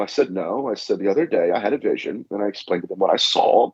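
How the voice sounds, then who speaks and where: Speaking fast in a husky, lowish voice, this man appears as a guest demonologist in a podcast interview. He spins anecdotes and performs the dialogue himself, repeating "I said" frequently, all captured in dull lo-fi sound.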